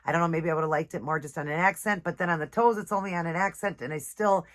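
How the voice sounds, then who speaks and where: A middle-aged woman runs a nail art channel, talking through a casual tutorial in a fairly low voice at a quick pace. She rambles and often repeats herself.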